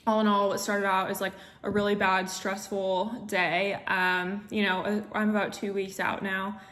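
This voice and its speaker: A young woman from the United States vlogging casually, recounting a travel day in a chatty, animated way with lots of filler words. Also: mid-range voice. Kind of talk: casual storytelling vlog.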